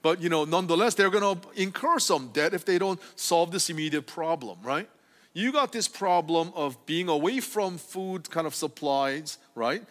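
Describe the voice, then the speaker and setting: A man's voice: a little high, normal speed, a bit bright. A man preaching a conversational sermon to a congregation in a church, often checking in with "right?" as he explains. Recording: long hall reverb.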